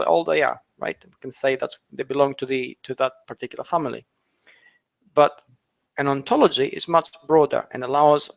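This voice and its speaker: A man's voice: fairly high pitch, vocal fry, fairly bright tone, highs cut off. Man explaining ideas in a rambling way. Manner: rambling with fillers and restarts, rhetorical questions. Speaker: SEO author and speaker. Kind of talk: explanatory talk.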